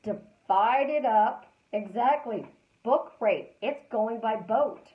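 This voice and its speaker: Female life coach, slightly high voice, chatty and repetitive; roomy, muffled livestream audio. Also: slow. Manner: repeats affirmations, chatty storytelling. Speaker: life coach hosting a live stream. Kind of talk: casual motivational live-stream talk.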